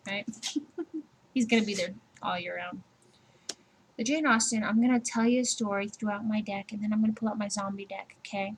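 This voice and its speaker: A woman's voice: medium pitch, moderate pace, long pauses, a little hiss or hum, rough recording. A woman giving a casual personal tarot reading, chatty and laughing, swearing freely and acting out little scenes. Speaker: tarot reader.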